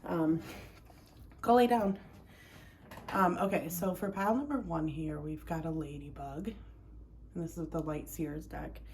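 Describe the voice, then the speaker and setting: A woman's voice: sits low, moderate pace, a little hiss or hum. A woman hosting a casual pick-a-card tarot video from home, chatty and rambling with many ums, a little out of breath. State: a bit out of breath. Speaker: tarot reader. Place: home, indoors.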